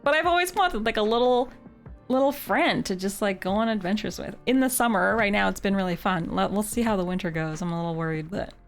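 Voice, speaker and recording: A woman's voice: mid-range voice, a little fast, soft background music. A woman streamer from Canada chatting casually with her live viewers. She talks in a chatty, giggly way and says "like" often. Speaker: game streamer.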